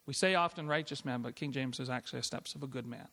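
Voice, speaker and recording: Conversational pastor in a reverberant church. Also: male voice, mid-range voice, fast talker, hardly any pauses, bright, forceful tone. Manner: conversational, with frequent restarts and light laughs. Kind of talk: sermon. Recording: long hall reverb.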